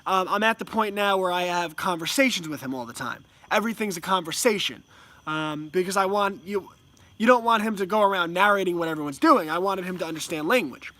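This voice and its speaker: A man's voice: high voice, fairly quick, bright, forceful tone. A man speaking as a homeschooling parent in a casual monologue, rambling with many ums and restarts at home.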